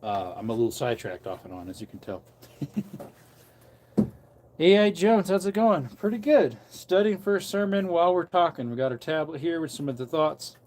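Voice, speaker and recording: A man's voice: on the high side, background noise. Chatty man rambling on a porch. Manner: rambling, chatty, reads comments aloud. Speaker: preacher. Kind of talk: casual livestream chat. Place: outdoor back porch.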